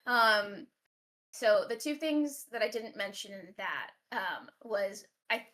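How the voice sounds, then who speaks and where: A woman's voice: medium pitch, animated, takes it slowly, pushed and bright. A woman guest on a podcast, chatting casually and rambling with lots of ums and self-deprecating asides. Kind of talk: casual chat.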